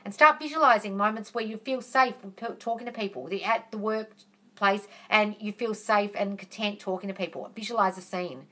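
A woman's voice: medium pitch, normal speed, pushed and bright. A woman hosting a live question-and-answer stream, answering viewers in a chatty, reassuring way and calling them darling. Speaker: manifesting coach hosting a live Q&A.

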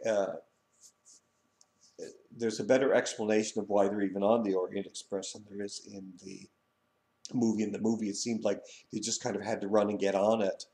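A man's voice: on the low side, dark tone, reverberant. A man from Canada who hosts a video channel, reviewing a book and its film in a rambling casual way, with many fillers and restarts.

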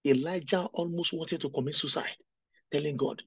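A man's voice: fairly high pitch, normal speed, gravelly, slightly rough, no room sound. A man preaching an emotional sermon, crying out and repeating his phrases with great feeling. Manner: impassioned, repeats phrases and cries out. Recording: dull, dry lo-fi sound.

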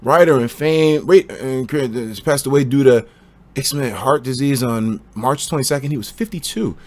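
A young man livestreaming and reading chat, slangy and profane, swinging between hyped outbursts and low mumbling. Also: normal speed, darkish tone, no room sound.

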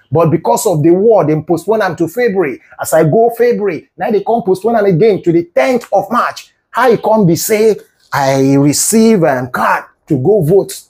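A man with a Nigerian Pidgin English accent tells a comic story. He mock-lectures in a playful, animated way, and his voice sits a touch higher than most men's. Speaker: comedic video creator. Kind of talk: comedic storytelling monologue.

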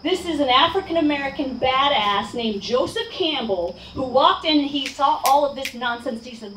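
A woman telling a lively personal story at a live storytelling night in a bar, playful and casually swearing. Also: sits high, normal speed, hardly any pauses. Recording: echoey bar room, distant mic, faint noise.

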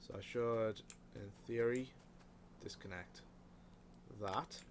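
A let's play host with a fairly low voice mutters casually to himself while playing a factory-building game, swearing often. He has the hiccups and takes things slowly, with slight background noise in the clip.

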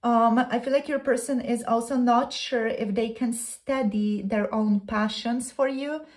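A woman's voice: fairly high pitch, steady tone, unhurried, a little mellow. Chatty woman giving a tarot reading. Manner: chatty and flowing, with many fillers and "like" and "you know". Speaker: tarot reader. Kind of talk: pick-a-card tarot reading.

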